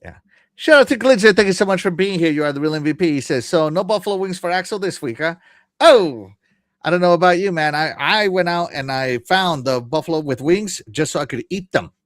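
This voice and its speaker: A man's voice: fairly high pitch, animated, fairly quick, dry recording, studio quality. A man hosting a podcast, casually chatting and reading chat messages aloud with frequent laughter. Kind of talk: casual live-stream chat.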